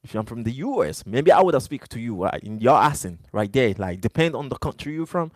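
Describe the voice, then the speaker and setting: A man's voice: medium pitch, very animated, fairly quick, darkish tone, no echo. A man speaking English as a second language, hosting a live stream and talking straight to his chat in an emphatic, repetitive way. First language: not English. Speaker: livestream host.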